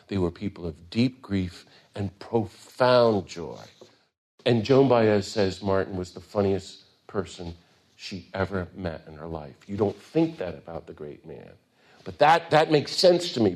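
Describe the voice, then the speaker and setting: An older man giving an earnest, impassioned talk, climbing to emphatic peaks and then dropping quiet. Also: fairly low pitch. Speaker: speaker on nonviolence.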